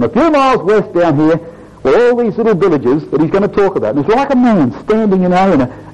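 A man preaches an expository sermon, walking his listeners through the meaning of old place names. His voice sits high for a man and swings widely in pitch as he teaches. He keeps calling the congregation brothers and sisters. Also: a little mellow, rough recording. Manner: addresses "brothers and sisters", explains Hebrew word meanings.

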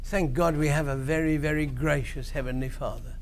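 A man preaching to children, telling a Bible story in an animated way with big swings in his voice. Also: a little high, a little fast.

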